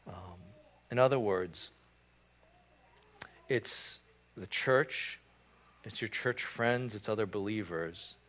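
A man's voice: fairly low pitch, slow pace, pauses often, a bit bright. A man preaching a casual sermon, with frequent fillers and repeated words. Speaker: pastor. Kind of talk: conversational sermon.

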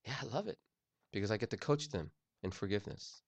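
A man's voice: on the low side, lively intonation, fast talker, no room sound. A man preaching a sermon, earnest and personal, often restarting his phrases. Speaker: pastor. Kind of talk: sermon on forgiveness.

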